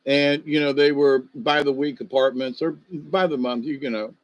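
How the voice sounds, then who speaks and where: A man's voice: mid-range voice, fairly even intonation, normal speed, dry recording, rough recording. A man telling rambling, folksy stories in a loose monologue, full of fillers and asides.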